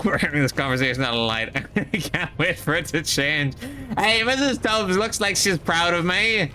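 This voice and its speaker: A young man streaming live, tipsy and chatting casually in a rambling, excitable way, full of restarts. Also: mid-range voice, a little hiss or hum.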